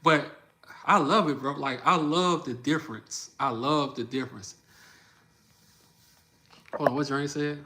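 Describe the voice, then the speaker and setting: A man's voice: on the high side, measured pace, long pauses, noisy background. A young man with a New Orleans Southern accent, chatting casually on a livestream, answering comments and telling stories with frequent laughter. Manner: laughing often, animated storytelling. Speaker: livestream host.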